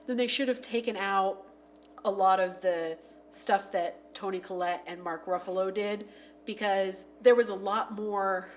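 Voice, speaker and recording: A woman on a podcast chatting casually about a film, full of "like" fillers and acting out scenes in quick voices. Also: medium pitch, slight background noise. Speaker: podcast panelist. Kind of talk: casual movie review chat.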